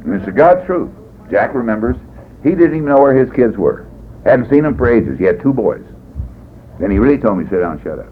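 A man gives a rambling personal testimony at a recovery meeting, folksy and wry. His pitch swings widely as he tells it. The recording is a tinny, lo-fi tape with a faint hiss. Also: very animated, brisk, pauses often. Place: meeting room.

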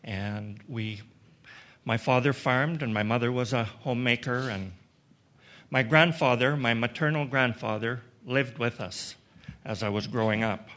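A man from Western Canada, middle-aged or older, shares his own story with a gathered audience. His pitch sits squarely in the ordinary male range, and he speaks in a reflective, halting manner. He often restarts his sentences and slips in some dry humor. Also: fairly bright tone. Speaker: recovery meeting speaker.

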